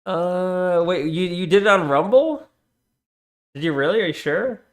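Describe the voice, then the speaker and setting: A male streamer with a slightly high voice talks casually as he goes through chat. He breaks off often, restarts sentences and keeps telling viewers to hold on. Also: a little slow. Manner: distracted, reads chat aloud, many restarts and "hold on"s.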